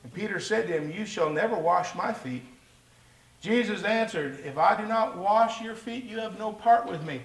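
A man preaching a sermon to his congregation. He speaks emphatically, rises high when he voices Peter, drops low and soft for Jesus, and asks his listeners rhetorical questions. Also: normal speed, roomy sound, rough recording.

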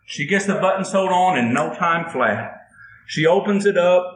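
A man's voice: high-pitched, lively intonation, moderate pace, reverberant, slight background noise, low-quality recording. A man preaching a folksy sermon, telling a homespun story and acting out a husband and wife. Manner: homespun, drawling storyteller acting out both spouses. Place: church building.

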